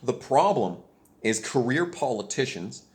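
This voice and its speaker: A man's voice: medium pitch, sing-song, measured pace. A young man in an angry, profane political rant to his viewers, bitter and heated, repeating his points. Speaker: video creator ranting to camera.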